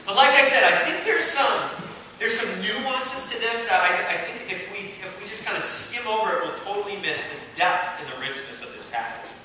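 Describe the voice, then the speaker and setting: Young guy preaching to students, lots of ums and right?, bright voice, echoey hall. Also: high-pitched, animated, moderate pace. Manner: casual, chatty, lots of fillers and "right?". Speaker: campus ministry speaker. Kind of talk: informal sermon to students. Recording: echoey hall, distant mic, faint noise.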